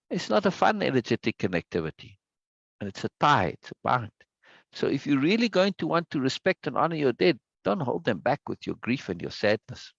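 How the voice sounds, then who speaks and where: Earnest, animated man with lo-fi sound. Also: on the high side, no room sound. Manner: earnest, emphatic, repeats phrases. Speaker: self-development teacher. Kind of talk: reflective casual talk to listeners. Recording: dull lo-fi dry sound.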